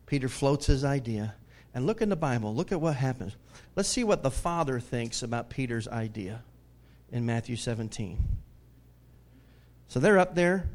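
A male pastor delivers a sermon with lively, conversational energy. His fairly high voice rises to booming emphasis and then drops to near-whispered asides. He chuckles between points and keeps asking the congregation questions. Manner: animated, swinging from booming emphasis to hushed asides.

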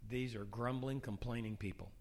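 A middle-aged man delivering a sermon at a mid-range pitch. He slips into quiet, almost whispered prayers, then lifts into emphatic questions to the congregation. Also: fairly even intonation, normal speed. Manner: shifts between soft, hushed prayer lines and rising emphatic questions. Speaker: preacher.

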